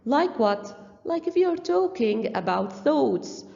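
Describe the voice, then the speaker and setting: A woman teaching a grammar lesson, speaking slowly and deliberately, spelling out letters and listing examples. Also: on the high side, sing-song, creaky, mellow. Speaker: language teacher. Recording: dull lo-fi sound with long reverb.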